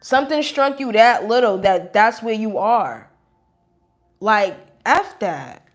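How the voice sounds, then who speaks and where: A woman doing a casual tarot reading, blunt and animated, laughing often as she talks. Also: on the high side, slow, soft background music. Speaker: tarot reader.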